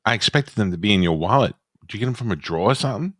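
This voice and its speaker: A man with a low, heavy voice chats loosely on a podcast and peppers his stories with profanity. The sound is close and dry, with no room around it. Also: expressive, rapid-fire, fairly bright tone, no room sound. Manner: profane, storytelling banter. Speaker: podcast co-host. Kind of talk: casual chat.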